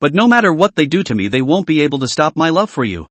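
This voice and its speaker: An injured young student clinging to his love, as a man reads him. His pitch moves a lot, and the sound is dry. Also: big pitch swings, fast talker, no room sound. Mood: pleading.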